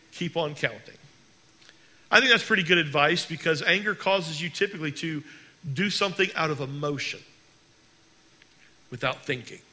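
A male pastor preaching a sermon in an earnest way, slowing down to stress key words. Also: on the high side, bright, forceful tone.

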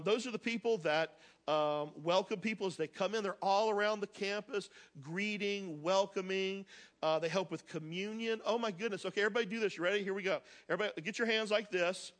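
A male pastor giving a sermon to his congregation, energetic and joking, talking straight to the people in the pews. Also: high-pitched, a little fast. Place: church sanctuary with congregation.

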